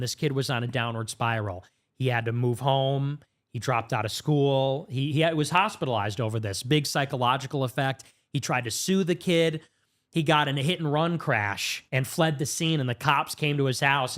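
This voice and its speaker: Man, podcast guest, animated storytelling, quick bursts, jumpy pitch. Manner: fast, animated retelling with sudden pitch jumps. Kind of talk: casual storytelling interview. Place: podcast studio.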